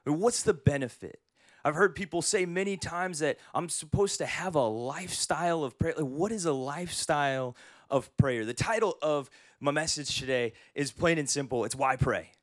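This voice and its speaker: Animated preacher with a higher voice. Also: male voice, moderate pace, no room sound, studio quality. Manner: animated, humorous storytelling. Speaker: pastor. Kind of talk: sermon.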